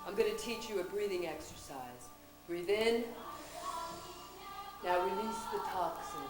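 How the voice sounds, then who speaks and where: A woman playing a calm, blunt New Age male friend who teases and coaches, in a stage comedy. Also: medium pitch, measured pace, roomy sound, music in the background, lightly acted, rough recording. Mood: teasing. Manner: soothing, wry, blunt.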